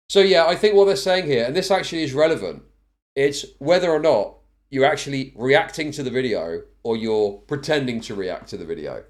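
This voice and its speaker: Male streamer, mid pitch, very lively intonation, reads a ruling fast and then wanders into sarcastic commentary. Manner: reads quickly, then breaks off into sardonic, bored asides. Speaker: live streamer. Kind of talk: reading a court ruling aloud with commentary.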